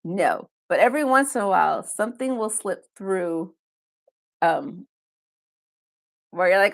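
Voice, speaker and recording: A woman's voice: mid-range voice, animated, unhurried, pauses often. A woman hosting a casual live stream from her home basement, chatting loosely and answering viewer comments one by one, with self-deprecating asides. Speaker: live-stream host reading viewer chat.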